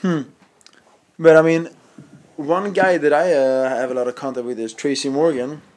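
Higher-pitched male comic guest from Sweden, easygoing and laughing. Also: moderate pace. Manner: laughing, animated anecdotes. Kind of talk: casual chat.

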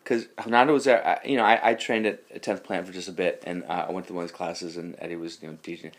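A man, a comedian guest in a casual podcast chat, telling animated stories and acting out other people. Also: deep voice, quick pace. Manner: animated storytelling, acts out other people with raised voice.

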